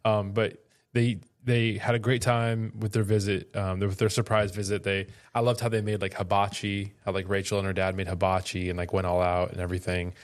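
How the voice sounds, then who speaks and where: A man with a fairly low voice co-hosts a podcast in a relaxed, casual way. He rambles and fills his sentences with plenty of "like" and "um." His tone stays friendly and conversational throughout. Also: brisk, clear, resonant tone. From Florida. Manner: rambling, chatty, lots of fillers. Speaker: podcast co-host. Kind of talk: casual chat.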